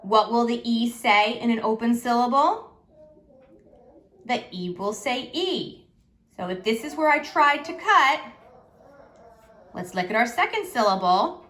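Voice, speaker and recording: A woman teacher giving a slow, patient phonics lesson to children, asking them questions as she goes. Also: fairly high pitch, animated, a bit bright.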